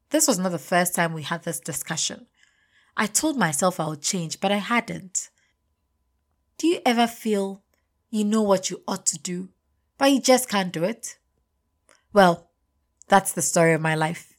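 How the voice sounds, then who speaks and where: Expressive young woman telling her story. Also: on the low side, unhurried. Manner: expressive, confiding. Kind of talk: first-person story narration.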